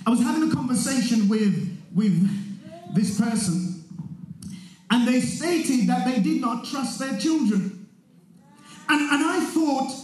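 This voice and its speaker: A man preaching a sermon in church, emphatic, breaking into shouts and acting out the people he quotes. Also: very high-pitched, lively intonation, slow, pauses often. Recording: very echoey hall.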